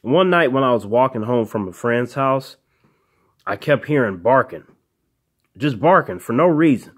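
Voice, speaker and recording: A man's voice: medium pitch, animated, moderate pace, breathy edge. A man telling a comic tale to his channel in a brash, swaggering, profane way. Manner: brash, swaggering, heavy swearing. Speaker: storyteller host.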